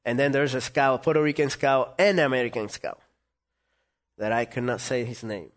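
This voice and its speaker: Man telling a lively story. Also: medium pitch, normal speed. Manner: animated, acts out quoted voices. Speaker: interview guest. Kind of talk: storytelling in conversation.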